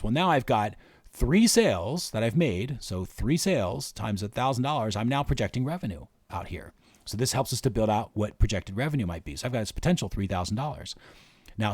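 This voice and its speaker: A man's voice: lowish voice, a little mellow, dry recording, studio quality. A man hosting a marketing workshop, walking casually through spreadsheet figures step by step. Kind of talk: screen-share workshop explanation.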